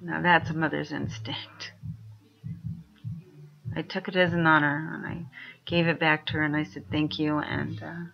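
A woman's voice: low voice, little pitch movement, a little slow, gravelly, pauses often. A woman telling rambling stories in a casual monologue, chuckling often and restarting her sentences. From Washington State. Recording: dull lo-fi recording.

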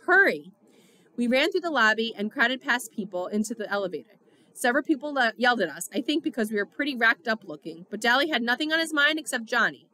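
A woman narrates a novel aloud, shaping each line like a storyteller. Her voice sits a bit on the high side and sounds bright and crisp. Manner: expressive storytelling. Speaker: audiobook reader.

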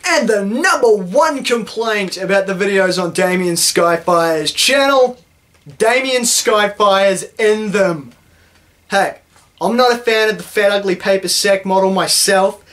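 A man's voice: high voice, a little slow, a bit bright. A young man from New Zealand with a New Zealand accent, ranting sarcastically and with lots of swearing in a satirical vlog. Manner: sarcastic, profane, mock-indignant. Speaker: YouTuber.

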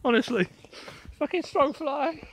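A man's voice: very high voice, unhurried, a bit bright. An Irish man in casual joking banter on a walk, swearing and laughing often, recorded on a phone outdoors with noise. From Ireland. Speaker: vlog co-host. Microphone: phone held while walking.

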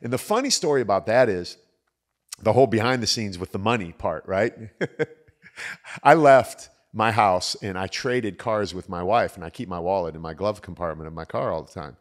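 Lowish-voiced man telling lively stories. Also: normal speed. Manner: animated storyteller acting out quotes. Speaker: podcast host. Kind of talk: casual storytelling chat.

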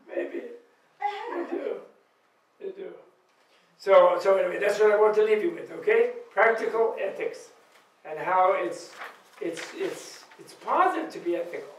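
High-voiced man giving a laughing dharma talk. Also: a little slow, long pauses. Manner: animated storytelling, laughs often, acts out quoted voices. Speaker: Buddhist teacher. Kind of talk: informal dharma talk at a retreat. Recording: echoey room recorded from far off.

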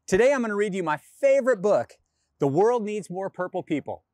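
A firefighter reading a picture book aloud to children in a playful, animated way. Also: male voice, high voice, a little fast, no echo, clean studio sound. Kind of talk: children's storybook read-aloud.

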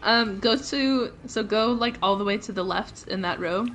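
A woman's voice: mid-range voice, normal speed, a bit bright, a little hiss or hum. A woman patiently talking a friend through a video game, giving step-by-step directions. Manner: patient, instructive, laughs easily. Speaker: co-player guiding the gamer. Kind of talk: casual gameplay guidance.

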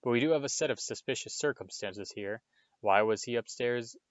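A man reading aloud, voicing a cold, sneering male teacher who presses his suspicions slowly. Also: mid-range voice, no echo, highs cut off, natural voice. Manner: slow, sneering insinuation.

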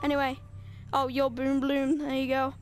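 A high-voiced woman talks through a video game in a casual, rambling way, full of "uh"s and blunt, offhand remarks. Game music plays clearly under her voice. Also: completely flat delivery, normal speed. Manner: rambling, filler-heavy, blunt. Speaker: gameplay host. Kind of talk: casual gameplay commentary.

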